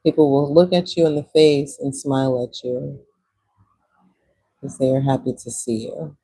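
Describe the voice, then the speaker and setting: A woman's voice: very deep voice, fairly even intonation, normal speed, warm tone, breathy edge, no echo, low-quality recording. A woman from Texas with a Texan accent, chatting casually with viewers on a livestream and laughing often. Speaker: livestream host. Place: Puerto Rico.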